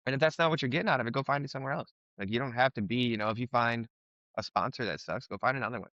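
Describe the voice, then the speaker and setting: Male podcast co-host, frank and rambling, bright voice, dull close mic. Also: medium pitch, very fast, dry recording. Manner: rambling, frank, swears, many fillers. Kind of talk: casual recovery podcast chat.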